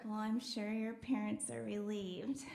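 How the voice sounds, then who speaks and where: A woman's voice: medium pitch, flat delivery, a little slow, vocal fry. Chatty woman comic in a roomy club. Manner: chatty storytelling with frequent fillers. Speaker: stand-up comedian. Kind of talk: stand-up comedy set. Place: comedy club stage. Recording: roomy club with faint noise.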